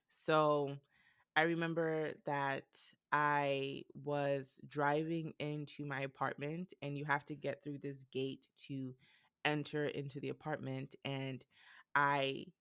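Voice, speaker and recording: A young adult woman hosting a podcast, telling a personal story in a casual, animated way and acting out the dialogue. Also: sits low, creaky, no echo, studio quality. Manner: animated, retells events with quoted dialogue. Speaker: podcast host.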